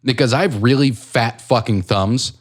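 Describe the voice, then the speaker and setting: A man's voice: medium pitch, moderate pace. A man co-hosting a podcast in casual chat, rambling and swearing freely with self-deprecating humor. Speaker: podcast co-host.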